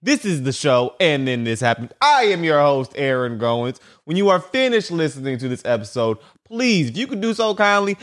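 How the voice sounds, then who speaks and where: A young man with a high voice hosts a comedic solo podcast, telling a rambling story. He swings his pitch up and down for comic effect and trips over his words, circling back to repeat himself. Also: big pitch swings, moderate pace, few pauses, fairly bright tone. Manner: rambling, repeats and restarts phrases. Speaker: podcast host.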